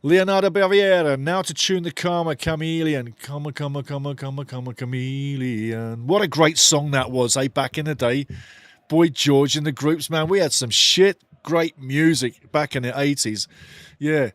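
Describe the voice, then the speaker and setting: A man delivering heated watch-along football commentary in a slightly high voice, dry and close to the mic. He calls the action in quick, clipped bursts and speaks bluntly, without holding back. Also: fairly bright tone, no room sound. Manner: passionate, opinionated, blunt and swearing; running play-by-play in short clipped phrases. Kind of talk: live fan commentary.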